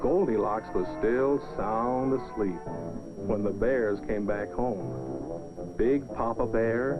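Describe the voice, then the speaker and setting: A man narrating a children's storybook film in a gentle sing-song manner, on an old lo-fi soundtrack with music. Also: lowish voice, slow pace.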